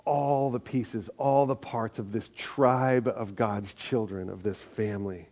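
A man preaching a sermon in a conversational way, slowing down for emphasis and adding lively asides. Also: lowish voice. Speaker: pastor. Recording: muffled live sermon audio.

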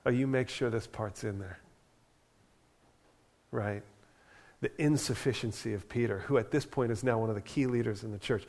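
A man, a pastor, preaching a sermon in a conversational, animated way, often asking "right?" as he talks. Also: mid-range voice.

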